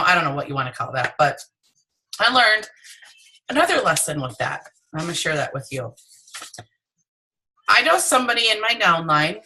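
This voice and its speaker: Middle-aged woman team leader, bright voice, lively storytelling pep talk into her phone. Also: rough recording. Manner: animated, acts out dialogue with high excited voices. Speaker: direct sales team leader. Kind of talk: motivational training talk.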